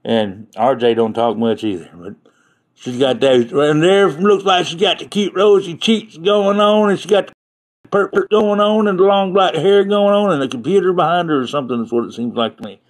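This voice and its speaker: A man's voice: on the high side, moderate pace. A man chatting casually on a live stream, rambling and joking as he talks to his viewers.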